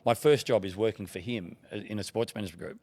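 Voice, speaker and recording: A man's voice: on the low side, fast talker, dark tone. A middle-aged Australian man, a TV broadcaster guesting on a podcast, telling long rambling anecdotes in casual chat. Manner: rambling anecdotes with quoted dialogue. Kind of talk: casual storytelling.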